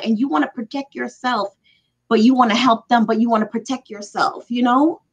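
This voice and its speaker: A woman's voice: a little high, steady tone, a little fast, highs cut off. A mother speaking as a guest, telling her story in an earnest, emotional way during a casual chat.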